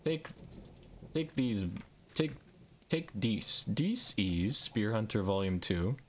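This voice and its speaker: A man live-streams a survival game, chatting in an excitable, playful way and making silly sound-effect noises. His voice is fairly low in pitch and slow.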